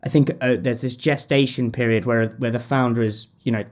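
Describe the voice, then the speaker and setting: A man hosts the interview in a loose, casual way. His voice sits at a middling pitch. He jokes around and swears freely as he asks questions. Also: steady tone, fairly quick. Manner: loose, swearing, jokey banter. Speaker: podcast host.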